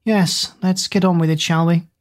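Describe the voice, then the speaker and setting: A woman's voice: on the low side, fairly even intonation, moderate pace, natural voice. A woman voicing a frail, stubborn old witch queen who speaks in an imperious, mocking way.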